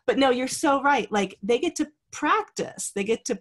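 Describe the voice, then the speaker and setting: A woman's voice: high voice, expressive, fairly quick. A woman hosting a podcast interview, asking questions in a curious, conversational way. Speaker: podcast host. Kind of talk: casual interview chat.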